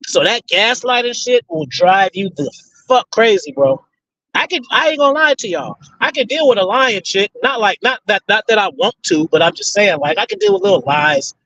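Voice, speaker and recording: A man's voice: high-pitched, very animated, moderate pace, creaky, a bit bright, dry recording, dull audio. A man hosting a casual question-and-answer session, rambling in profane street slang. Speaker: host answering audience questions. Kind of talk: casual Q and A talk.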